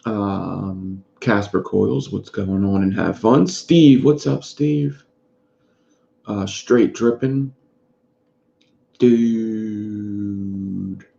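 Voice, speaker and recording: A vape reviewer hosts a casual live stream, rambling and greeting chat viewers by name. His lowish voice is slow and mellow with vocal fry, and the sound is dull and lo-fi in an echoey room.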